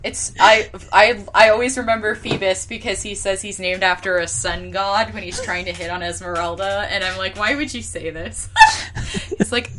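A young woman co-hosting a podcast, telling stories in a casual, animated way and laughing often. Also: medium pitch, moderate pace, heavy background noise. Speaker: podcast co-host. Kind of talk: casual chat.

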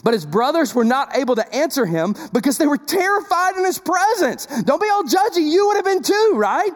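Animated woman preaching a sermon. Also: high voice, brisk. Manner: animated, asks the congregation many rhetorical questions; swings between loud emphasis and soft, tender delivery. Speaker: pastor.

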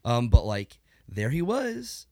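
A man co-hosting a podcast in casual chat, joking and quick to react. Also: mid-range voice, wildly swooping pitch, dark tone, no echo, clean studio sound. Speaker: podcast co-host.

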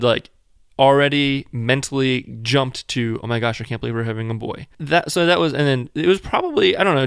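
Man, casual storytelling, rambling, smooth clear voice, dry close sound. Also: mid-range voice, fairly bright tone, no room sound. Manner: rambling, full of "like", jokes around. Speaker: new father telling a birth story.

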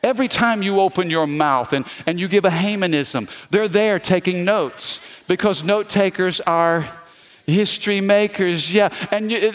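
A man, lively and calling for amens. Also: high voice. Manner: lively preaching with call-and-response. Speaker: pastor. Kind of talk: sermon.

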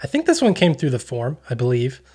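An American man from Texas, a podcast co-host in casual chat, upbeat and quick to laugh. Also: mid-range voice, huge pitch swings, warm tone, husky.

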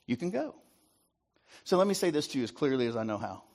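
A man's voice: medium pitch, very animated, racing, darkish tone. A man preaching a sermon as pastor, asking the congregation to repeat lines back to him and tagging points with "right?". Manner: rhetorical call-and-response, repeated "right?".

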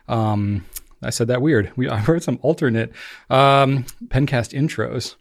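A man's voice: medium pitch, unhurried, gravelly. A man co-hosting a casual podcast, chatty and self-deprecating, laughing often. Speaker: podcast co-host. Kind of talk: casual chat.

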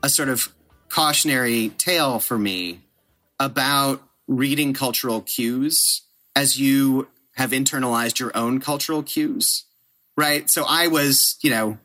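A middle-aged man, a podcast guest telling an animated, self-deprecating story and laughing at himself. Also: mid-range voice, measured pace. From United States.

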